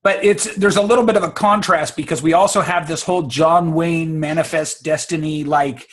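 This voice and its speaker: Husky higher-voiced American man explaining. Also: normal speed. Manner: expressive, laughs often, teacherly. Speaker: guest speaking coach. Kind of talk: conversational interview, explaining.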